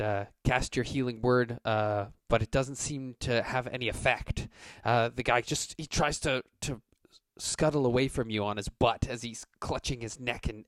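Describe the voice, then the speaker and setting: Here a mid-range male voice leads a tabletop session as game master, telling the story in a loose, laid-back ramble packed with fillers. It's clean studio audio without any room sound.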